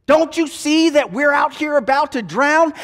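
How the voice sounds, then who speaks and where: A man's voice: extremely high pitch, animated, unhurried, fairly bright tone, long reverb tail, pitched above the performer's own voice, heavily acted. A man preaching while voicing a group of terrified grown male disciples who fire frantic, accusing questions. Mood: panicked. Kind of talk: sermon storytelling.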